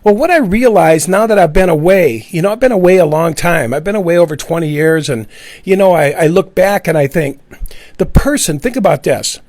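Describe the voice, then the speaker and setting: Middle-aged guy, high voice, dry sound, earnest rant that keeps repeating itself. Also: animated, a little fast, darkish tone, no echo. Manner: earnest, repetitive, acts out quoted voices. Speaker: ex-Jehovah's Witness speaking out. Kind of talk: impassioned monologue.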